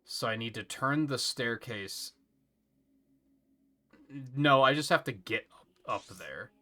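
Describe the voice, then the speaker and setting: A man's voice: mid-range voice, takes it slowly, sharp tone. A man streaming a video game live, rambling casually and thinking aloud as he plays. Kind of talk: casual live gameplay commentary.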